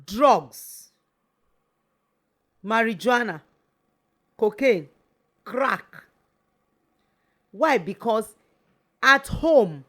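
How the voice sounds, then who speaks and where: A woman's voice: on the high side, a bit bright. A middle-aged Nigerian woman, a radio host and family therapist, giving an emphatic motivational talk on relationships and mixing English with Yoruba. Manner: emphatic, switching between English and Yoruba, preachy.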